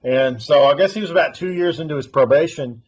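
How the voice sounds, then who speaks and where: Husky man telling a story. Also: on the high side, fairly quick, dull audio. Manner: profane, rambling storyteller. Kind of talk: casual chat.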